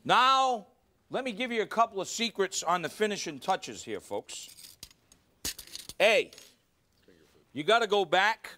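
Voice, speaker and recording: A man's voice: high-pitched, big pitch swings, a little slow, pauses often, bright, forceful tone. A man hosting a live cooking show in a studio kitchen, exuberant and talking straight to the audience. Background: faint studio audience.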